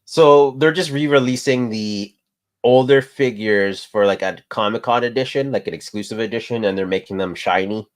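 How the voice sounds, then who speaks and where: Male co-host, fairly low voice, easygoing chatter with frequent laughs. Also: normal speed. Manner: relaxed, laughs often, trails off. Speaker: co-host of a toy news show. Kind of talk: casual chat.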